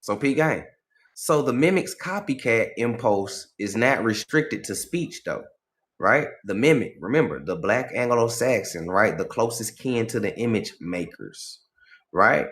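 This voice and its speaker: Animated man hosting a livestream. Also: on the low side, a little slow. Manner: animated, profane, asks "right?" often. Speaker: livestream host. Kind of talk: casual livestream commentary.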